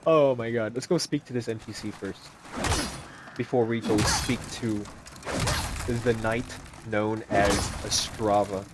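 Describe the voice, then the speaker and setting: A man's voice: lowish voice, measured pace, noisy background. Joking gaming commentator man. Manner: animated, joking, talks to game characters. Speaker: gaming YouTuber. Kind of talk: casual gameplay commentary.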